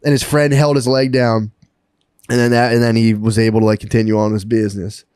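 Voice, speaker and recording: A man's voice: mid-range voice, level tone, fairly quick, a little mellow, clean tone, dry recording. Man, podcast co-host, rambling swearing storyteller, dry close sound. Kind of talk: casual podcast chat.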